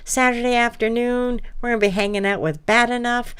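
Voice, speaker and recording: A woman's voice: fairly high pitch, fairly even intonation, fairly quick, a bit bright, clean tone. A woman co-hosting a polka broadcast, announcing band lineups and bantering casually with an upbeat manner. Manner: upbeat, laughs easily, reads out band lineups. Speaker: co-host of a polka radio show.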